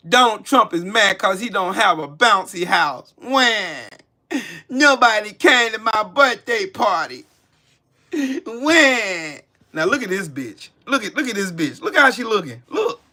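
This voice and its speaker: Unhurried yet very animated, this political livestream host rants casually in a high, bright, forceful voice. He mocks and swears, talking to his chat viewers by name.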